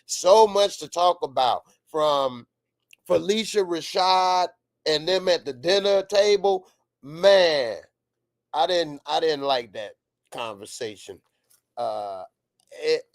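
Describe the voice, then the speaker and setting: A man giving a casual, excitable reaction to a TV episode as the channel's host, laughing often and sometimes rising to shouts. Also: a little high, slow, vocal fry, long pauses, no room sound, clean studio sound. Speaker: TV show reviewer.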